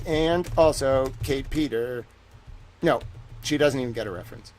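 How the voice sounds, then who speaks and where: A young man hosting a livestream, talking casually and at length, filling his talk with "like" and swinging between loud indignation and quiet asides. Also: mid-range voice, moderate pace, slight background noise, poor audio. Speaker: livestream host.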